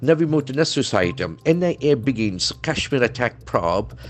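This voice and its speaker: A man's voice: medium pitch, big pitch swings, normal speed, soft background music. A man teaching vocabulary from newspaper headlines, spelling words letter by letter and modeling their pronunciation. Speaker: English trainer.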